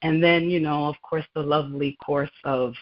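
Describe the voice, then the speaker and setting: A woman's voice: sits low, steady tone, moderate pace. A woman guest on a radio interview, telling her story with animation, laughing often and acting out dialogue. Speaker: guest, laboratory scientist. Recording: muffled lo-fi sound.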